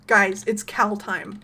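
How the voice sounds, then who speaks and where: A young woman streaming a horror game, excitable, laughing often and swearing casually. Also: medium pitch, slightly rough. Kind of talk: casual gameplay commentary.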